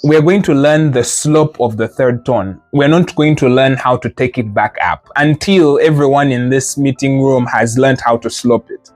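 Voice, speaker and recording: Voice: medium pitch, moderate pace, hardly any pauses, darkish tone. Patient teacher drilling tones. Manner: patient, corrects by repeating "no, no, no"; models sounds, then explains with playful imagery. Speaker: Mandarin teacher. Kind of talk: live group lesson drilling tones.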